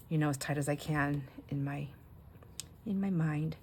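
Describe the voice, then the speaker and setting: A middle-aged grandmother chats casually as she works on crafts at home, rambling and frequently slipping into soft, almost whispered asides. Her voice is low and steady at a moderate pace, with frequent pauses, and a faint hiss or hum runs underneath.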